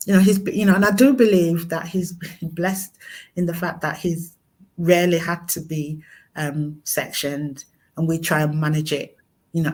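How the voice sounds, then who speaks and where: A middle-aged woman telling a personal story in conversation, halting, with many fillers and restarts. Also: low voice, a little mellow. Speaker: guest, mother of a son with mental illness.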